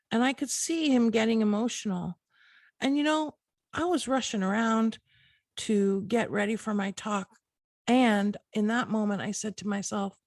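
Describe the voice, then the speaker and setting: Hosting a motivational podcast, a middle-aged woman speaks earnestly and encouragingly right to the listener. Her voice is a little high and slightly mellow, at a moderate pace, with no room sound.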